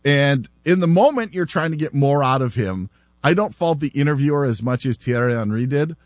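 Animated laughing male sports radio host. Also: mid-range voice, a little fast, no echo. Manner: animated, laughing, repeats himself. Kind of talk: casual sports talk.

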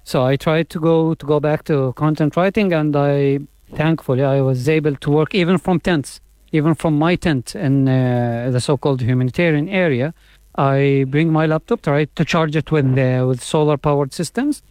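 A man's voice: on the high side, moderate pace, darkish tone, clean tone, no room sound. A man from Gaza talking casually in an interview, full of fillers like "like" and "uh". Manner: conversational, fillers like "like" and "uh". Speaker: interviewee, freelance writer.

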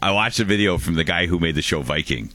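A man's voice: deep voice, fast, sharp tone, no room sound. A man hosting a call-in radio show, rambling playfully and laughing often. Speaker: radio host. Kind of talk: casual call-in radio chat.

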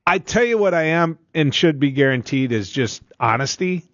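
A man's voice: fairly high pitch, lively intonation, moderate pace, fairly bright tone, no echo, muffled recording. A man co-hosting a sports radio show, talking as an emphatic, opinionated fan. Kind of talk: casual sports talk.

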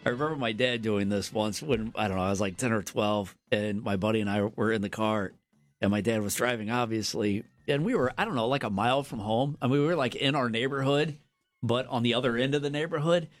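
Brief: married man, mid-pitched, joking and self-mocking, soft music behind. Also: fairly quick. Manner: laughing, self-mocking anecdotes. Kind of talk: casual podcast chat.

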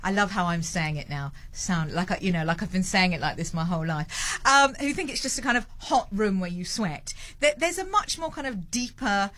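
A woman's voice: medium pitch, animated, normal speed, few pauses, fairly bright tone, no echo. A middle-aged British woman hosting a breakfast radio show, chatty and self-deprecating, laughing and restarting often. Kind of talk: casual chat interview. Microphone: studio mic.

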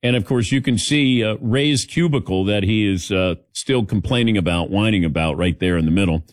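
A man's voice: on the low side, brisk, no room sound, clean studio sound. A middle-aged man hosting a sports talk show, joking with his crew, laughing often and calling on them by name. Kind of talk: casual studio banter.

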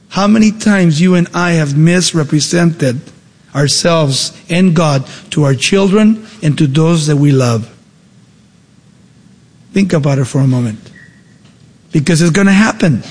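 Male pastor, high voice, emphatic sermon, long hall reverb. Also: measured pace, pauses often, darkish tone, husky. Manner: emphatic, rhetorical questions, shifting pace.

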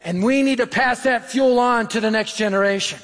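Male preacher, middle-aged, high-pitched, lively storyteller, big reverberant room. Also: fairly quick. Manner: animated, acts out voices in anecdotes. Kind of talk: sermon with storytelling. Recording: long hall reverb.

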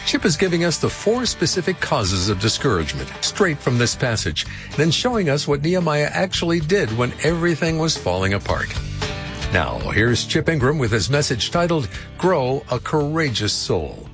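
A man announcing a radio program, reading a smooth scripted introduction. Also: on the high side, moderate pace. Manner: smooth, lively announcer read. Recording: guitar music underneath.

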